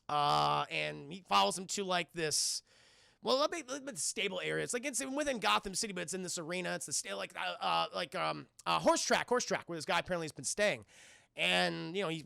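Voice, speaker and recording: A man's voice: sits high, vocal fry, sharp tone, dry recording, studio quality. A man streaming a cartoon review, recapping scenes to his live chat in a rambling, profane, casual way with lots of restarts.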